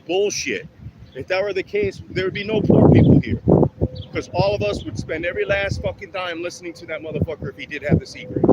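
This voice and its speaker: A man's voice: high voice, steady tone, fairly quick, muffled recording. A man ranting with a lot of swearing during an outdoor workout vlog, winded between exercises, with traffic around him. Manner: profane, heated and preachy. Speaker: fitness vlogger.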